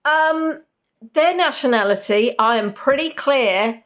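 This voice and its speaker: A woman's voice: medium pitch, expressive, slow pace. A woman hosting a live-stream quiz in a casual chat, giggly and jokey with rambling asides. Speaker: quiz host.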